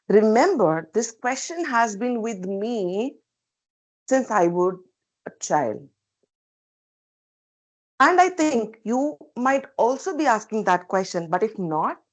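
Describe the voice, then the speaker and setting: Reflective woman giving a speech. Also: fairly high pitch. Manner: reflective, asks many rhetorical questions. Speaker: speaker at a public speaking club meeting. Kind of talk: prepared personal speech. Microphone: video call.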